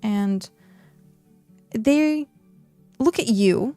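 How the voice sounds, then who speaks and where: A young woman narrating a tabletop role-playing game as game master, describing scenes in a lively way with many asides. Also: medium pitch, a little slow, no room sound, soft background music.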